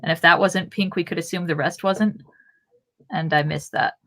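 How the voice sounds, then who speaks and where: A woman's voice: lowish voice, fairly even intonation, normal speed, bright, forceful tone. A woman co-hosting a podcast in casual chat, wry and chatty. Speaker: podcast co-host.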